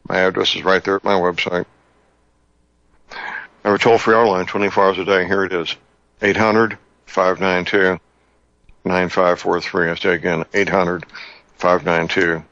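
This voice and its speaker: An older man hosting a call-in radio talk show, speaking slowly and deliberately, repeating key details. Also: deep voice, fairly bright tone, no room sound. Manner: slow, deliberate, repeats numbers. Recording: muffled lo-fi radio broadcast.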